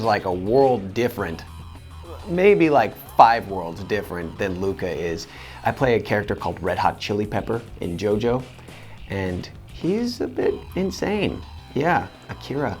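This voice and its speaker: A man with a fairly low voice answers interview questions as a voice actor. He talks in an earnest, animated way, with faint guitar music playing softly behind him.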